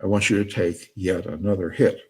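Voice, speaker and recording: A man voicing a booming, commanding God who gives orders in a joke. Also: fairly even intonation, fairly quick, husky, full character voice. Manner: loud, insistent orders.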